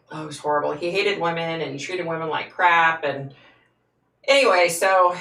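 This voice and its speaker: A woman's voice: low-pitched, creaky, a bit bright, recorded from a distance. A woman who is a psychic, hosting a casual live stream and answering viewer comments frankly, laughing often. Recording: echoey room, voice away from the mic.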